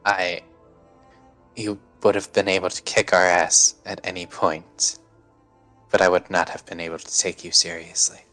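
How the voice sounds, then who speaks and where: A man voicing a gruff male companion who teases bluntly in a tabletop role-play. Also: low voice, level tone, normal speed, bright, forceful tone, faint music behind, pitched below the performer's own voice. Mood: teasing.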